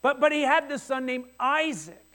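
A man preaching a sermon, retelling a scripture story in a conversational, animated way, often repeating words as he starts sentences. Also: very high-pitched, normal speed. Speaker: pastor.

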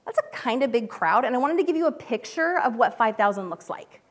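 A woman's voice: on the high side, animated, brisk. A mother giving a casual devotional talk in a chatty style, full of fillers, who acts out the quotes she tells. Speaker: speaker, mother.

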